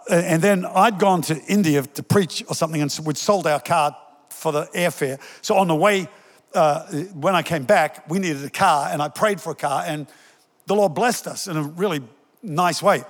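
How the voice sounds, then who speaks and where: An older man preaching a sermon as pastor, energetic and joking with his congregation, rising in pitch when he quotes scripture. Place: large church hall. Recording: long reverb in a large hall.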